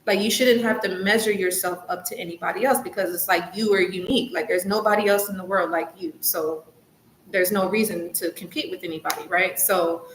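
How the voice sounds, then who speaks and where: A woman's voice: fairly low pitch, steady tone, brisk. A woman hosting her own advice vlog. She talks casually and earnestly, with lots of "like" and "you know", and repeats points to encourage the listener. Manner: chatty, loose, full of "like" and "you know". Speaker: channel host, coach on recovery from narcissistic abuse. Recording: echoey room with faint background hiss.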